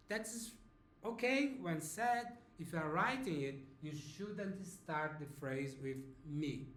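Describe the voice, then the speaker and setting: A man's voice: on the high side, lively intonation, fairly bright tone, reverberant. A man in his fifties from Brazil with a Brazilian Portuguese accent, teaching a beginner language lesson patiently. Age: 50s. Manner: slow, patient, checks in with "okay?".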